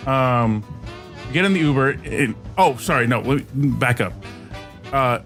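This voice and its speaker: A man's voice: mid-range voice, animated, unhurried, fairly bright tone, soft background music. Rambling male podcast host telling a story. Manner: rambling, restarts often, laughs mid-story. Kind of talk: casual storytelling.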